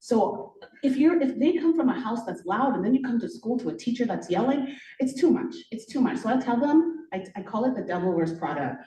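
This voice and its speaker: A woman teacher on a panel, talking in an animated, storytelling way, full of "like" and "you know". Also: on the high side, brisk. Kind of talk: conversational panel talk. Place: event room. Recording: echoey room, voice from far off.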